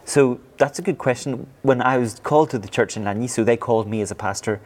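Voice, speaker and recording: Speaking fast in a medium-pitched, slightly mellow voice, a man in his forties from Northern Ireland, with the accent to match, responds earnestly to an interviewer. He's a pastor who leads church planting, and his answers are full of restarts and fillers.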